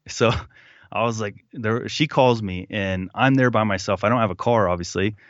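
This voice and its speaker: A man guest telling a personal story in a casual, animated way, acting out what people said. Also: lowish voice, moderate pace, dry recording, highs cut off. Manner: animated retelling, acting out quotes. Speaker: podcast guest.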